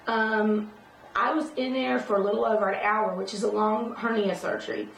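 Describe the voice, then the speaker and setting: A creaky-voiced woman of medium pitch tells a personal story in a casual vlog, with fairly even intonation and a moderate pace, rambling through fillers and restarts. Recorded from a distance, the sound is roomy with faint noise.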